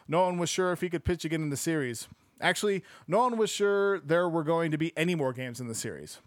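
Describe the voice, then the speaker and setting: A man reading a sports book aloud, breaking off into excitable, profane, slangy asides. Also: on the high side, fast, no echo.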